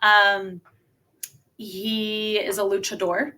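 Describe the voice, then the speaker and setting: Bright-voiced woman telling stories slowly. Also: mid-range voice. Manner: animated, laughing, lots of fillers. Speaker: wrestler, podcast guest. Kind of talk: casual storytelling.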